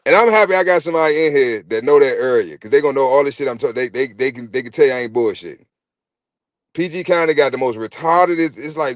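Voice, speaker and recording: Dc guy ranting on a podcast, cussing, fired up, stumbling over his words, mid-pitched voice, dry close sound. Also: a little fast, dry recording. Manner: animated, profane, repeats himself and stumbles on words. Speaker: podcast host. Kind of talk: casual profane rant. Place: podcast studio.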